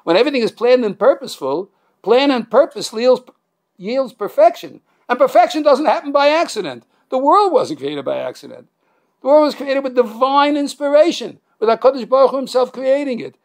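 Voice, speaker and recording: High, gravelly-voiced joking rabbi. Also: male voice, a little fast. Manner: joking, animated, many restarts and fillers. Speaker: rabbi teaching a class. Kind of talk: Torah class lecture with humor.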